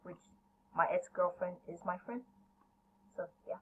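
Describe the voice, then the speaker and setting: A woman commentating her own gameplay, excitable, yelling at teammates and then apologizing. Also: on the low side, unhurried, muffled recording, a little hiss or hum. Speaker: gaming channel host.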